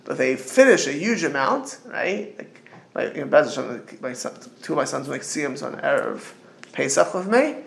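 A man's voice: on the high side, big pitch swings, moderate pace, vocal fry, a bit bright. A middle-aged man giving an informal religious talk as a rabbi, rambling and digressive with frequent restarts and storytelling asides.

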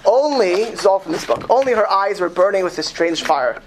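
A man reading a story aloud to an audience, slow and emphatic, stumbling and restarting often. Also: high-pitched, expressive, a little hiss or hum. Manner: reads slowly and with emphasis, with frequent restarts. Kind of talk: lecture with read-aloud story.

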